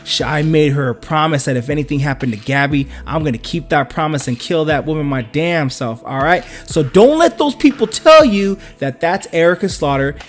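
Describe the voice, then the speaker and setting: A comic recapper voicing an angry young woman who threatens vengeance, low and intense. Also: animated, normal speed, few pauses, soft background music, natural voice. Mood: vengeful.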